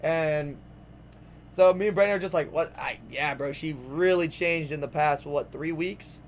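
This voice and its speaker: Young man rambling through a story, slightly high voice. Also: moderate pace, slight background noise. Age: young adult. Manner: rambling, animated, swears freely, many "like"s. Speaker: vlogger. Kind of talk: casual storytelling vlog.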